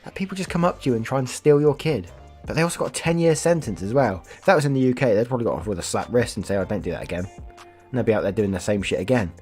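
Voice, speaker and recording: A man reading online stories aloud and reacting with animated asides, with faint music behind. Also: mid-range voice, quick pace, husky. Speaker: story reader.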